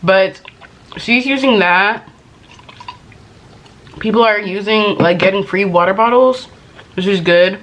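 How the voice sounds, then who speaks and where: A woman's voice: mid-range voice, takes it slowly, long pauses, a bit bright. A woman vlogging in casual chat, rambling and exasperated, talking while she eats.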